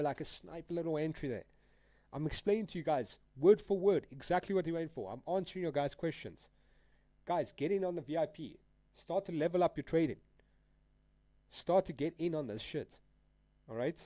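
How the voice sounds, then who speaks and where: This trader streams live, speaking a little high and fairly quick, pausing often, with a warm tone and no echo. His talk is casual and packed with slang as he calls out trades and answers chat, addressing everyone as "guys" and "dude."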